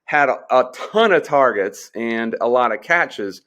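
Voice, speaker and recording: A man's voice: medium pitch, lively intonation, unhurried, a bit bright, muffled recording. A man co-hosting a sports podcast in casual chat, telling stories in a rambling way with frequent restarts. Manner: rambling storyteller with many restarts.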